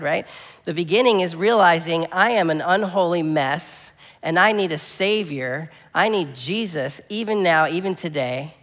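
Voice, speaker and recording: Gravelly-voiced pastor preaching in a hall. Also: male voice. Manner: earnest preaching, rising to emphatic peaks and dropping to soft low lines. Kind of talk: sermon.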